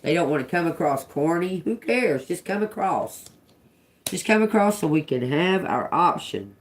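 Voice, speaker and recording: A woman's voice: fairly low pitch, lively intonation, normal speed, a little hiss or hum. A woman doing a live-streamed tarot reading, sounding out single words as she muses on them, then breaking into chatty, profane asides with laughter. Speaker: tarot reader.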